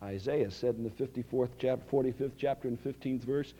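A male preacher, delivering a sermon with dramatic swings from loud cries to near-whispers. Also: mid-range voice, fairly quick, husky, dull audio.

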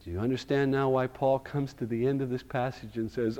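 Middle-aged guy preaching in a church, swings from quiet to loud, long echo off the walls. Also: medium pitch, steady tone. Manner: preaching with swings from hushed to loud, sometimes slow and drawn out. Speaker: pastor. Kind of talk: sermon. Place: church sanctuary. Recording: reverberant church hall.

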